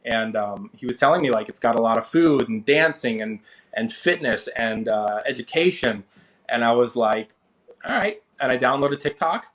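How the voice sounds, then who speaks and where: Guest: thirties man, casual storyteller, lively when quoting others. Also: normal speed. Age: 30s. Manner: animated, acts out quoted people with rising pitch. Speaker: interview guest, finance creator.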